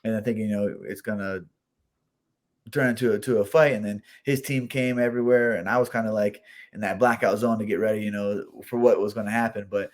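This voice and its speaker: A man in his thirties speaks in a fairly low voice. He tells stories loosely and casually as an interview guest, often restarting and repeating words. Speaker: professional fighter guest.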